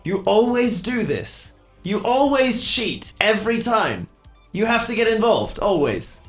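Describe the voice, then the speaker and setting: A man's voice: sits high, big pitch swings, a little slow, roomy sound, soft background music, voice pushed up. A man roaring as a furious female serpent titan. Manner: bellowing, petulant screaming.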